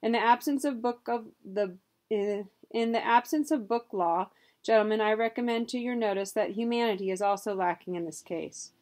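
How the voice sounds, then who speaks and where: A woman's voice: fairly high pitch, normal speed, a little mellow, close to an everyday voice. A woman voicing a dignified butler who speaks formally and makes a persuasive courtroom-style speech. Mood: orating. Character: proper, dignified English butler turned gold seeker, eloquent.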